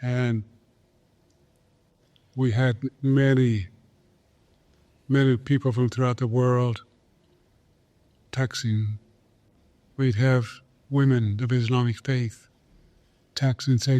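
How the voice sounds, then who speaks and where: An older man telling a personal story in an interview, slow and earnest, repeating phrases for emphasis. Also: mid-range voice, little pitch movement, mellow. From Pine Ridge Reservation, South Dakota, USA. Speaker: guest, Olympic champion. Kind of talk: reflective storytelling in a podcast interview.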